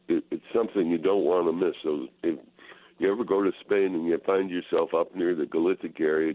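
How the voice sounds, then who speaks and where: A man hosting a relaxed, rambling radio talk about wine, with many fillers. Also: rumbling low. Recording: tinny phone-like radio audio.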